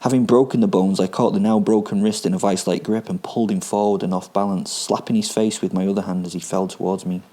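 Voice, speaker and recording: A man's voice: deep voice, steady tone, fast talker, hardly any pauses, warm tone. A man reading his own first-person story, gleefully menacing and darkly amused.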